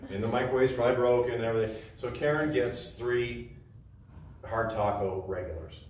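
A man preaching a sermon, telling a funny story with animated, joking delivery. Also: mid-range voice, brisk, a crowd in the background. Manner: joking, animated storytelling, loud when excited. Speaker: pastor. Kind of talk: sermon with humorous anecdote. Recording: echoey church room from far off, background noise.

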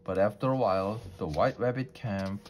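A man reads a storybook aloud for English learners, calm and measured, with the odd small restart. His voice sits on the low side.

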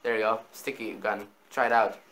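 A man in casual gaming banter, excitable, swearing often and repeating himself while he plays. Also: fairly low pitch, fairly quick, roomy sound. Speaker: gamer.

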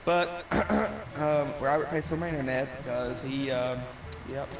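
A man's voice: medium pitch, steady tone, a little slow, over music. A young man chatting casually with friends while gaming, telling rambling stories with plenty of fillers. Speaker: gamer in party chat.

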